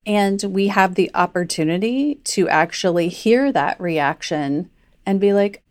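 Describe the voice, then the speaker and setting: A woman health coach talking casually on a podcast, full of "like" and quick acted-out inner voices. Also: mid-range voice, lively intonation, dry recording. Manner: chatty, frequent "like", acts out inner voices. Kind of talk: conversational podcast teaching.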